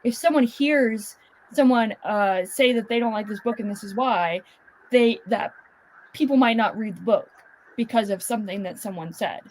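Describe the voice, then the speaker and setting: A woman's voice: a little high, normal speed. A woman chatting casually with friends about books, blunt and opinionated, with faint background noise. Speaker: guest. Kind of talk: casual chat on a group video call.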